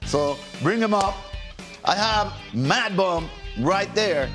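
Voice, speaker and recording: An emphatic man with a fairly high voice weighs in as a studio baseball analyst. He restarts sentences and repeats words as he builds his point, with faint music under him. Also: animated, slow pace, a bit bright. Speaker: baseball analyst, former pitcher. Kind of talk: studio sports discussion.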